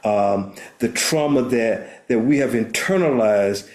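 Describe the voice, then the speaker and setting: With a medium pitch and slow pace, this man's voice sounds a little mellow. He is an older therapist and minister from the United States who earnestly tells a story as an interview guest, often restarting words, captured with roomy echo.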